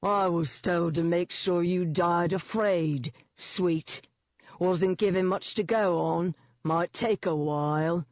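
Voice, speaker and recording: A woman voicing a menacing male shapeshifting demon with a honey-sweet, mocking London accent, taunting slowly in an audiobook. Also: on the low side, fairly even intonation, a little mellow, dry recording, dull audio. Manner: slow, taunting. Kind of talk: audiobook character voice.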